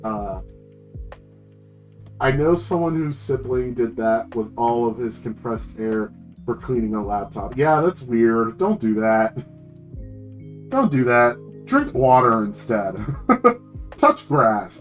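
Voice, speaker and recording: A young man streaming, ranting casually about work, animated and swearing, jumping high in pitch when indignant. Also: takes it slowly, faint music behind.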